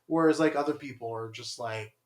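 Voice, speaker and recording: Talking fairly quickly at a medium pitch, this young podcast co-host spins loose, casual stories, leaning on "like" and performing the quoted lines. The room echoes noticeably.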